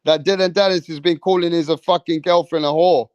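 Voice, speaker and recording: A man's voice: a little high, steady tone, a little fast, no echo, muffled recording. A young man hosting a casual live stream, rowdy and swearing as he reads out chat comments. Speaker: livestream host.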